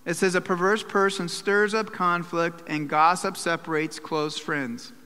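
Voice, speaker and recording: A man's voice: high voice, fairly even intonation, a little slow, sharp tone, clean tone, big-room sound. A man preaching a sermon to a church, breaking into acted asides and quoted voices. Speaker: pastor. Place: church hall.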